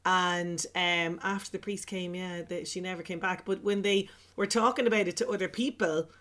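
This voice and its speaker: A woman's voice: lowish voice, fairly even intonation, fairly bright tone. A woman hosting a film podcast, rambling and chatty with lots of fillers. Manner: chatty and rambling, quick to laugh. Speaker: podcast host. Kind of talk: casual chat.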